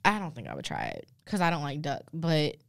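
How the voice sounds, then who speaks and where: A woman's voice: low-pitched, huge pitch swings, fairly quick, vocal fry, dry recording, studio quality. A woman co-hosting a casual podcast, reading fair food descriptions aloud with playful asides and easy laughter. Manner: reads menu blurbs aloud with playful asides, laughs easily. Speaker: podcast co-host.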